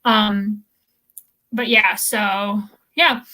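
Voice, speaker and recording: A woman's voice: mid-range voice, steady tone, drawn-out words, sharp tone. A young woman, co-hosting a casual chat and rambling with lots of fillers and restarts. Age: young adult. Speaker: podcast co-host.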